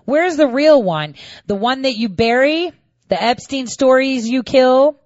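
A woman's voice: high-pitched, expressive, a little slow, darkish tone, dry recording, dull audio. A woman hosting her own online show, giving combative political commentary and mocking her opponents while speaking straight to her viewers. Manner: mocking, indignant, addresses viewers directly.

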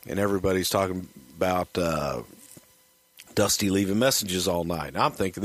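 Deep-voiced, cussing male raconteur telling a loose story, with a dry, close sound. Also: moderate pace, no room sound. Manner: profane, rambling anecdote. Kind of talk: casual storytelling.

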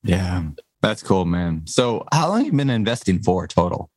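A man's voice: low-pitched, big pitch swings, moderate pace, a little mellow, no echo, studio quality. Jokey, rambling male podcast host. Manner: jokey, rambling, self-deprecating. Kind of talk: casual podcast chat.

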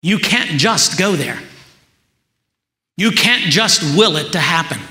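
A male pastor delivers a sermon in a high, bright voice. He speaks slowly and deliberately, leaning into rhetorical questions. His words ring out with a long, roomy reverb, as if he is heard across a large hall. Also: lively intonation. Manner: slow, emphatic preaching with rising rhetorical questions.

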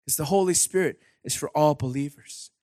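A man's voice: fairly high pitch, fairly quick, warm tone, dry recording, clean studio sound. A man giving a candid, humorous sermon testimony, telling his story with frequent filler words. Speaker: preacher.

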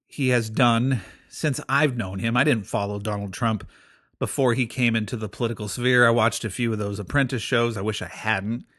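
A man's voice: medium pitch, fairly even intonation, normal speed, fairly bright tone, no room sound, studio quality. A man hosting a talk show, telling stories in a conversational, self-deprecating way with plenty of fillers. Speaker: podcast host. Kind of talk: casual spoken commentary.

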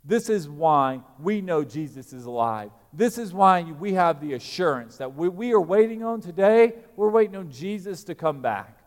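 A man preaches a sermon, his voice sitting a little high for a man. He swings between loud emphatic peaks and quiet, dropped asides. A long church reverb trails behind his words. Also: expressive, normal speed, few pauses. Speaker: pastor.

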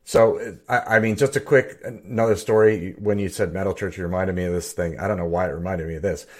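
A middle-aged man, a bassist and podcast co-host, chatting casually and telling rambling stories with many restarts. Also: fairly even intonation, fast talker. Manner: rambling, self-interrupting storyteller. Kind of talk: casual chat.

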